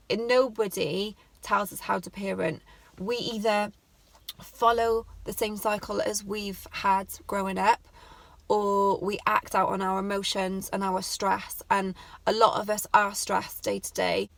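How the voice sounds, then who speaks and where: A woman's voice: medium pitch, creaky, no echo. A woman, talking earnestly to camera about how parents speak to their children. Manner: earnest, heartfelt, pleading. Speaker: parenting vlogger. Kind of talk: casual talk to camera.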